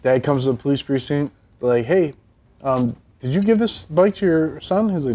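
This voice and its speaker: A man in casual interview chat, telling stories in a profane, animated way. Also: on the high side, moderate pace. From Buffalo, New York. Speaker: guest. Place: his store.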